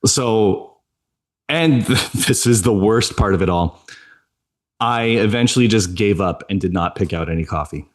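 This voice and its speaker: Man, podcast co-host, casual chat, low voice, chatty storytelling. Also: unhurried. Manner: chatty storytelling, frequent laughs.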